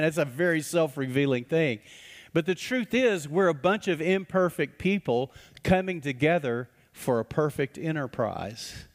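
A man, a pastor preaching a sermon in a church and telling folksy stories with acted-out voices. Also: mid-range voice. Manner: folksy storytelling, acts out quoted voices. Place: church sanctuary. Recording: reverberant church hall.

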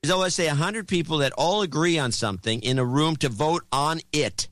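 A man's voice: fairly high pitch, moderate pace, a bit bright, dry recording. A man co-hosting a podcast in casual chat, emphatic and given to little rants. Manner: emphatic, ranting. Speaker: podcast co-host.

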